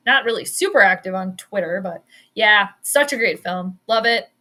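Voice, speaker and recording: A woman's voice: medium pitch, normal speed, pushed and bright. A woman hosting a sports show in a casual livestream chat, bubbly and chatty, laughing often as she reads viewer comments. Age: adult. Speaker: sports podcast host.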